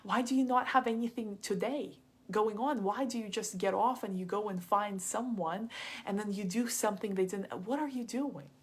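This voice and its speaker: A woman's voice: mid-range voice, moderate pace, breathy edge, lightly acted. A woman voicing a blunt female friend who gives direct, hard advice with probing questions, in close to her own voice.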